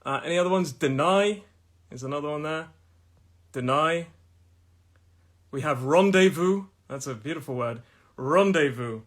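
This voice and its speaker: A middle-aged man from England leads a live pronunciation lesson, his voice sitting a little high for a man. He chats freely, says each word slowly several times, and sounds as though he is losing his voice. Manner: chatty, repeats each word slowly, laughs at own jokes. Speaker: pronunciation teacher.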